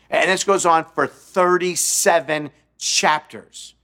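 Bright-voiced, unhurried male preacher. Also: fairly high pitch, expressive. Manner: storytelling, acting out quotes with jokes. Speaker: pastor. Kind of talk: sermon.

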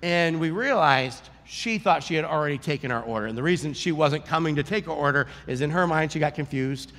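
A man preaching a sermon as a pastor, telling stories in an animated, joking way before a large audience. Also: fairly high pitch, fairly quick. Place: large church hall with audience. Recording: echoey hall reverb.

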